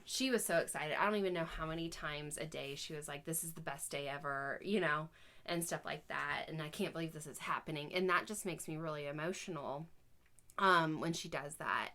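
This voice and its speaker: With a deep voice that sounds pushed and bright, a female podcast co-host in her thirties keeps the talk casual on a family show. Laughter comes easily to her, and she's candid about how she feels.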